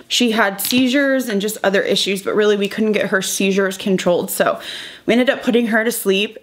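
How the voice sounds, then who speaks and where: A young woman beauty vlogger talking through a chatty get-ready-with-me, emotional and halting, close to tears. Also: mid-range voice. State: close to crying.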